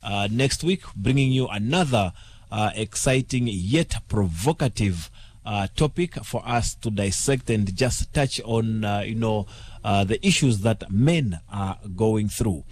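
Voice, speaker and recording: A male radio host wraps up a late-night talk show. His voice sits a bit low, and he stumbles through his phrases with many fillers and repeated words. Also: lively intonation, unhurried, darkish tone.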